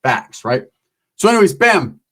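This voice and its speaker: Male comic storyteller, profane, rambling, slangy, slightly high voice. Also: sing-song, a little slow, fairly bright tone. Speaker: comedic storyteller. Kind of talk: casual comedic storytelling.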